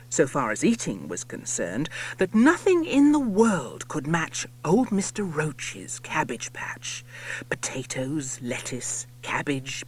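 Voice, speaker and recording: Male audiobook narrator, rhyming storybook, playful, theatrical, slow, hugely varied pitch, some whispered lines. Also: breathy edge. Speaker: audiobook reader.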